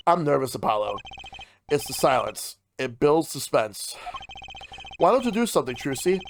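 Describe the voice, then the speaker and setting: A man's voice: on the high side, big pitch swings, fairly quick, creaky, slight background noise. Man reading game dialogue with voices. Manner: voices each character, drops into casual asides. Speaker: streamer.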